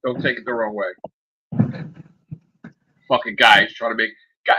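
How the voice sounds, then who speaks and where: A man's voice: medium pitch, fairly even intonation, measured pace, long pauses, bright, forceful tone. A man ranting heatedly and profanely in a casual podcast chat. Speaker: podcast co-host. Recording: dull lo-fi audio with noise.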